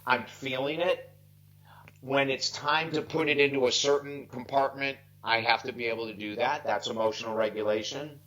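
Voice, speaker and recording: A man's voice: mid-range voice, fairly even intonation, normal speed, fairly bright tone, low-quality recording. Earnest man in his sixties, near tears. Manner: earnest, heartfelt, emphatic. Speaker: life coach guest. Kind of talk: earnest storytelling interview.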